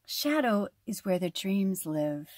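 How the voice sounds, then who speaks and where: A woman voicing a wise, dreamy male desert lizard in a storybook reading, with a high, gentle delivery. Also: big pitch swings, takes it slowly, dry recording, studio quality. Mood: knowing.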